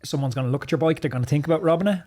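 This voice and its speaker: A man co-hosting a podcast, giving practical cycling gift tips in relaxed, matter-of-fact chat. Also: fairly high pitch, very fast, slight background noise. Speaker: podcast co-host. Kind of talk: casual gift-guide chat.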